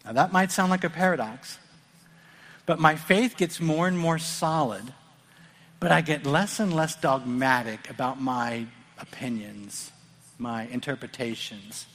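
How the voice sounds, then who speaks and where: A man's voice: medium pitch, a little slow, fairly bright tone, long reverb tail. A middle-aged man from the Midwest, a pastor preaching a conversational sermon with earnest repetition and frequent restarts. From American Midwest.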